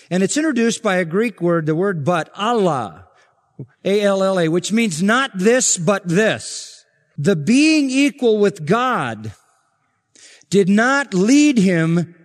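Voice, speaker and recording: A man preaching an expository sermon as pastor, emphatic and building to forceful points. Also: high voice. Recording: long reverb of a large hall.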